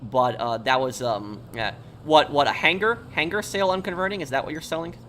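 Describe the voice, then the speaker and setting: Bright-voiced streamer rambling casually. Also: male voice, fairly high pitch, fairly quick, a little hiss or hum. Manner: rambling storyteller, answers chat questions. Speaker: game streamer. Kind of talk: casual live-stream chat while gaming.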